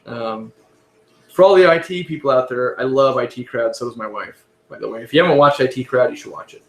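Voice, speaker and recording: A man hosting a casual live stream, answering viewer questions in a relaxed, rambling way and often correcting himself. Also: medium pitch, a little fast, echoey room.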